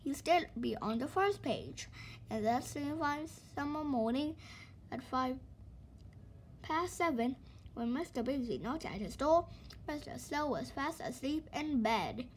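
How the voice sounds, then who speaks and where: High-voiced woman reading a storybook. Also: unhurried, a little hiss or hum. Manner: lively, expressive read-aloud. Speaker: storybook reader. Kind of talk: reading a children's book aloud.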